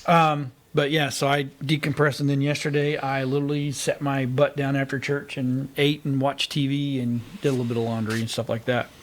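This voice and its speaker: A man's voice: mid-range voice, level tone, brisk, hardly any pauses. A man hosting a tech talk show, telling a chatty weekend story with a joking edge. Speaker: host. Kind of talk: casual chat.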